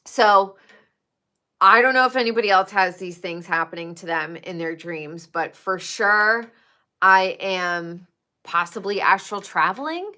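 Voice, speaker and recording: A woman's voice: mid-range voice, animated, measured pace, sharp tone. A woman livestreaming, chatting casually and gossiping with her viewers and swearing freely.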